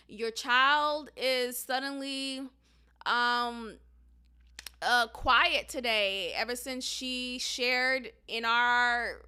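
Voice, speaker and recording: A woman's voice: sits high, pushed and bright, clear, resonant tone. A woman hosting a podcast, a teacher giving her candid, outspoken opinions in casual chat, with many fillers. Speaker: podcast host.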